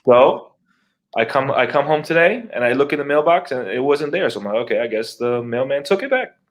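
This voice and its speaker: A middle-aged man co-hosting a podcast, telling a long neighbor story in casual, profane, animated talk and acting out his own reactions. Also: mid-range voice, brisk. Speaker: podcast co-host.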